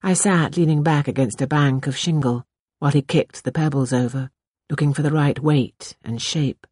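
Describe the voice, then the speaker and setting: A woman narrating a novel in the first person, in a measured, intimate reading style. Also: low-pitched, a little mellow, slightly rough, no echo, studio quality. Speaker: audiobook narrator. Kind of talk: scripted narration.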